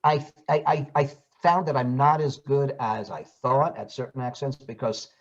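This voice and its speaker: The Brooklyn-born actor and audiobook narrator, now older, tells animated stories in a relaxed interview, stumbling into restarts and fillers and now and then putting on voices. He speaks in a mid-range voice at a moderate pace. The audio is lo-fi and a little dull.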